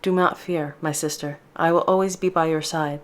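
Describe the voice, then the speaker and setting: A woman playing a steady brother with a low, even voice. He soothes and reassures, gentle and protective. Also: normal speed, lightly acted. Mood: reassuring. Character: protective Russian man, calm older twin brother.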